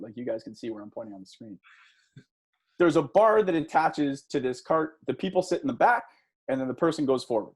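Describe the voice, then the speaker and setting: Husky man telling a lively story. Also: on the high side. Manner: engaging, asks audience for shows of hands; storytelling with a conversational tone. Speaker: guest speaker. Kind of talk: motivational talk to a class.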